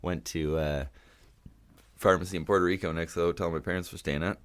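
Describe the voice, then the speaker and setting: Canadian guy telling a wild story on a podcast, real low voice, swears a lot, keeps restarting. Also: steady tone, fairly quick, clear, resonant tone. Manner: rambling, swears freely, lots of restarts. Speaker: podcast guest. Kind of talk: casual storytelling.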